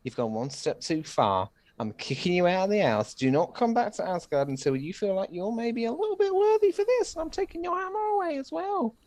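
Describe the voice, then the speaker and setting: A man's voice: high voice, big pitch swings, fairly quick, hardly any pauses, a little mellow, dry recording, voice pushed up. A man putting on a stern, exasperated father king telling off his son, in a British accent. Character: Odin as a scolding, fed-up father king.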